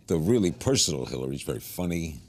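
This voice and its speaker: A man's voice: rumbling low, very animated, fast, a little mellow. A man hosting a talk show interview, blunt and terse in his questions and remarks.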